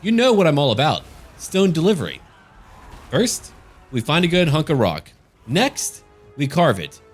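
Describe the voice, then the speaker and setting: A man voicing a giddy huckster who hawks stone deliveries in an excited, sing-song sales pitch. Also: unhurried, faint music behind. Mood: giddy salesy.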